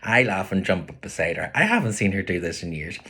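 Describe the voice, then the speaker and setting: A man with a Belfast accent, an author reading his own novel aloud as expressive first-person storytelling. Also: deep voice, fairly quick, husky.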